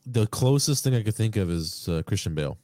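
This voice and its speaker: A man's voice: lowish voice, expressive, brisk, warm tone, no room sound, clean studio sound. A man in casual chat, laid-back and opinionated, swearing freely.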